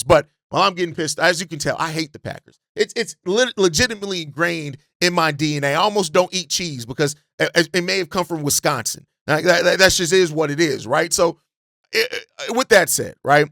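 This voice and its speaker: A man's voice: on the high side, vocal fry, fairly bright tone, dry recording, clean studio sound. A male sports podcast host giving passionate, profane fan commentary, often repeating words as he gets worked up.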